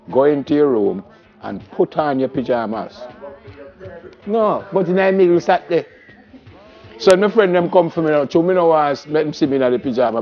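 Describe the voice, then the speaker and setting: A man's voice: medium pitch, highs cut off. A Jamaican man hosting a morning show, telling childhood stories in casual chat and laughing often. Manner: lively storytelling, laughs often.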